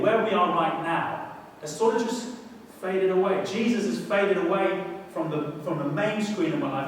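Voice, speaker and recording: A man preaching a sermon in a church hall, speaking conversationally and then bursting into loud emphasis. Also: fairly high pitch, slight background noise. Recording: echoey hall, mic at a distance.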